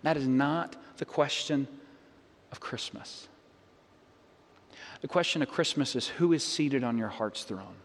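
A man's voice: medium pitch, lively intonation, measured pace, pauses often. A man preaching a sermon as pastor, earnest and conversational, with rhetorical questions and frequent restarts. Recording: long hall reverb.

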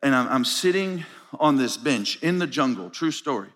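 A man's voice: mid-range voice, normal speed. A man preaching at a conference, telling stories and acting out the dialogue in them. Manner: animated storytelling, acts out dialogue. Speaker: pastor. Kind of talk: conference sermon. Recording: live hall with long reverb.

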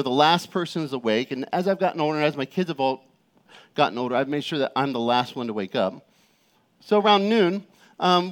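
High-voiced middle-aged pastor preaching. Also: male voice. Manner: conversational, personal storytelling with frequent fillers; reads scripture aloud slowly. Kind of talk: sermon.

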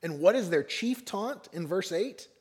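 Man, pastor, sermon, expressive delivery, high voice, very animated pitch. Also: unhurried. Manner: expressive preaching, voices the mockers and the psalmist with rising intensity.

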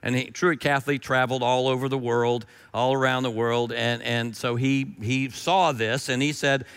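A man's voice: mid-range voice, little pitch movement, normal speed, fairly bright tone, clean tone, long reverb tail. A middle-aged man preaching a sermon, folksy and emphatic, repeating his key phrases. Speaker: pastor.

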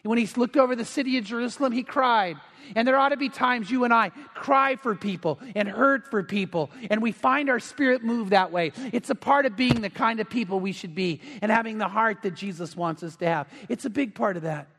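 Middle-aged male pastor, high-pitched and earnest, preaching in a big church with long reverb. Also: a little fast. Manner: earnest, swells louder on emphatic points. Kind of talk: sermon. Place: large church sanctuary.

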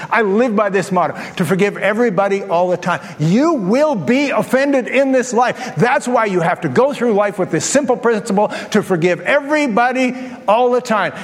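High-voiced animated preacher in a hall. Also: male voice. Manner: animated storytelling, acts out his own thoughts. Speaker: pastor. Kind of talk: sermon. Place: large church hall. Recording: long hall reverb.

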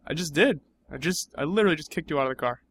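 A young man with a slightly high voice, pushing back in casual comedy banter. His tone is dry and skeptical. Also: lively intonation, racing, husky, no echo.

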